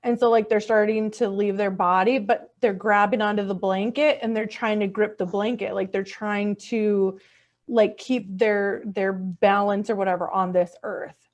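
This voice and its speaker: A woman's voice: steady tone, normal speed, lo-fi sound. A middle-aged woman telling a personal story in conversation, earnest and heartfelt, often restarting her sentences. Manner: acts out quoted speech in a higher, softer voice. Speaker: podcast guest.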